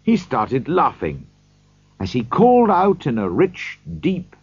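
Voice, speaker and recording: A man reading a storybook aloud slowly for learners, in scripted narration. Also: medium pitch, very animated, a little mellow, no echo, dull audio. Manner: slow, clear reading for learners.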